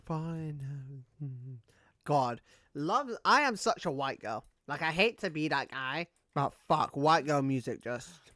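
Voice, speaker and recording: A man's voice: fairly high pitch, animated, measured pace, sharp tone, no echo. A man streaming a video game, chatting casually in a rambling way, full of fillers and swearing. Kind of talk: casual gaming stream chat.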